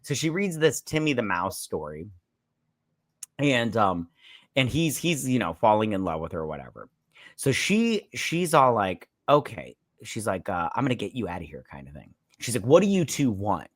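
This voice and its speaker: A man's voice: lowish voice, normal speed, no echo, studio quality. A man hosting a casual drunk movie review podcast, retelling scenes and acting them out. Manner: animated retelling, acts out scenes. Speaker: podcast host.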